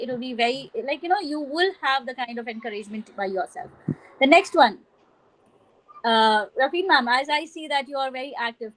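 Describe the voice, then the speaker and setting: A woman's voice: high-pitched, a bit bright, rough recording. A woman with an Indian English accent teaching pronunciation on a webinar video call, earnest and explanatory, with many fillers. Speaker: phonics and language trainer, guest.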